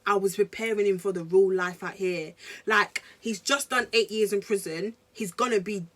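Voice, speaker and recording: Bright-voiced young woman vlogger. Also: mid-range voice, moderate pace. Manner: animated, slangy, addresses viewers directly. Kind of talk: casual storytelling to camera.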